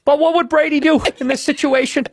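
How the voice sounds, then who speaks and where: A man doing a loud, ranting, exasperated comic. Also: extremely high pitch, fairly even intonation, fairly quick, gravelly, voice pushed up. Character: impression of a gruff, exasperated male stand-up comic.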